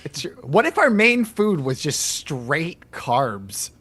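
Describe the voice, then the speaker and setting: Man, teasing, fairly high, lively intonation. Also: slow pace, slightly rough. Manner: teasing, laughing. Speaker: contestant. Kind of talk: casual comedic chat.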